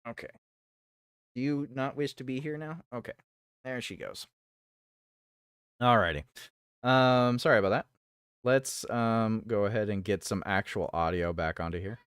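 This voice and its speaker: A man's voice: mid-range voice, normal speed, pauses often, fairly bright tone, smooth, no room sound, clean studio sound. A man chatting casually on a game live stream, talking to viewers and his pets. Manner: chatty, talks to viewers and pets, laughs often. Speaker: gaming streamer. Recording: faint guitar music behind.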